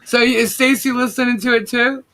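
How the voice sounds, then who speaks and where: A woman's voice: fairly high pitch, level tone, moderate pace, sharp tone. A woman hosting a live online show, laughing constantly as she reads out viewer comments. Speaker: livestream host.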